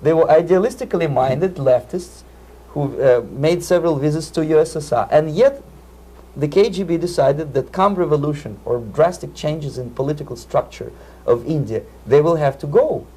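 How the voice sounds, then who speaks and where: A man's voice: a little high, moderate pace, mellow, slightly rough. A middle-aged man, giving emphatic interview testimony and often repeating words as he searches for phrasing. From Soviet Union. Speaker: interview guest, former propaganda agent.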